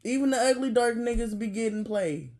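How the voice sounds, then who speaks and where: A vlogger in a casual rant to camera, blunt and profane, often laughing, dropping to low mutters then bursting out loud. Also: expressive, fairly quick.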